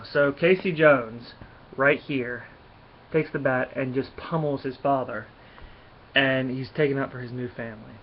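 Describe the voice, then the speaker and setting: A man's voice: mid-range voice, steady tone, measured pace, a little hiss or hum. A man giving a casual, rambling comic book review, full of fillers and restarts. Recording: dull lo-fi recording.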